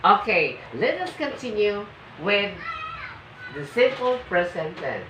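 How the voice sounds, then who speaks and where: A woman teaching an English grammar lesson, slowly and emphatically reading out example sentences for the class to repeat. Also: medium pitch, sing-song, noisy background. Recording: echoey, muffled room from a distance.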